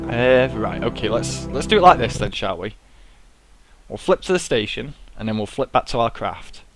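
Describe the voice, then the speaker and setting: A man's voice: mid-range voice, expressive, moderate pace, soft background music. A young man giving casual, self-mocking commentary as he plays a game, talking himself through each step. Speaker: gaming YouTuber. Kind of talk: casual let's-play commentary.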